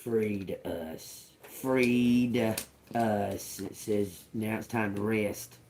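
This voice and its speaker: A man reading tarot cards for his viewers, taking his time and turning each word over slowly. He repeats phrases as he goes and calls his listeners y'all. A faint hiss of noise sits under his voice. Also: on the low side, fairly even intonation, a little mellow, low-quality recording. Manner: slow, musing, repeats words as he reads cards. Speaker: tarot reader.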